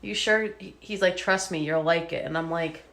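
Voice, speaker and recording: A woman's voice: on the low side, normal speed, a bit bright. A woman co-hosting a casual podcast, chatty and full of fillers, swearing now and then. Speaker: podcast co-host.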